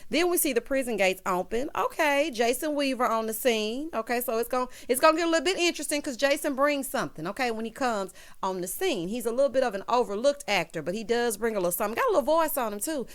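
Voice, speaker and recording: A woman recapping a TV episode in a chatty, expressive way, addressing her viewers directly. Her voice sits a little high. The talk is casual and personal. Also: fast, few pauses. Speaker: TV episode reviewer.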